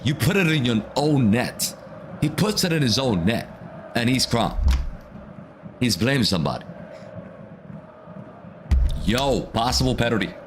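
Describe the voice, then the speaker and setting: A man doing live football reaction commentary as a watch-along streamer, excitable and ranting, often repeating himself. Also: lowish voice.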